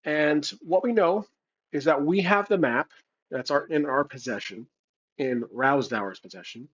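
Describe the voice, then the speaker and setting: A man's voice: on the high side, measured pace, fairly bright tone, husky, muffled recording. A man playing a solo tabletop game, thinking aloud with fillers and self-corrections as he writes and rolls dice. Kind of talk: casual solo game narration. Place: home room with a cat.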